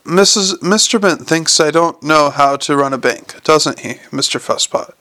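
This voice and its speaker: A sharp, imperious old lady, put on by a male audiobook narrator, pitched well up from his own voice, with a gravelly edge. She talks in a dry, cynical and snappish way. The room sounds dry and close. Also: moderate pace, dry recording. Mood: crooning. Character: sharp-tongued wealthy old woman bank owner.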